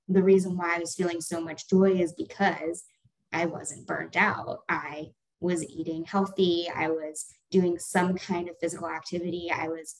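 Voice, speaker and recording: Reflective woman with a low voice. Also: poor audio. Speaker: co-founder co-hosting a talk. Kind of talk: casual conversational talk.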